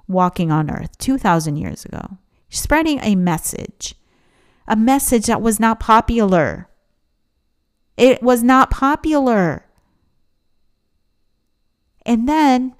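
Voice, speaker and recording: Female podcast host, solo and casual, emphatic, swings her pitch widely. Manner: emphatic, animated, acts out quoted voices.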